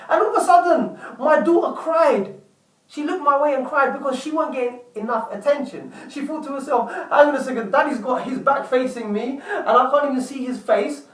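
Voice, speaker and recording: A man's voice: very high-pitched, a bit bright, distant mic. A man giving a self-help talk, telling a personal story in an earnest way and often restating his points. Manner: earnest, repeats and rephrases points. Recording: echoey room, away from the mic.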